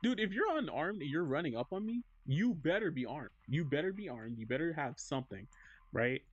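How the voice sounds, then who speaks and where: Animated joking male streamer. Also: a little high, brisk, no echo, lo-fi sound. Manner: animated, joking, reads chat aloud and answers. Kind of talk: casual live-stream chat.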